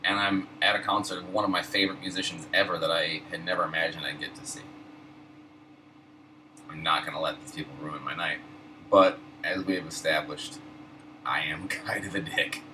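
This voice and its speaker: A man telling a story in a laid-back, profane, wry way while high. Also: little pitch movement, normal speed, sharp tone. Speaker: host. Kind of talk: casual storytelling. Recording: distant mic, air-conditioner hum.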